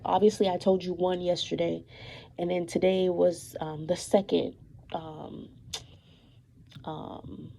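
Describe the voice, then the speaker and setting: Young woman, casual monologue, accusing and emphatic; slow, gravelly, dark tone. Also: lowish voice, low-quality recording. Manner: animated, repetitive, emphatic with many fillers; suspicious, accusatory tone about her mother.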